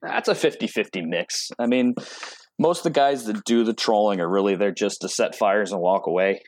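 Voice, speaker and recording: A man's voice: fairly low pitch, moderate pace, no room sound. Man, casual interview talk, chatty, acts out quotes, dry recording. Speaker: automotive product rep and guest.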